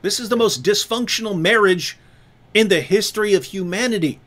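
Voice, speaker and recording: Guy hosting a debate show, kinda high voice, hammers the same point again and again. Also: brisk, a bit bright. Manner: emphatic, repeats points for stress, rhetorical questions. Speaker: host. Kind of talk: polemical discussion with a co-host.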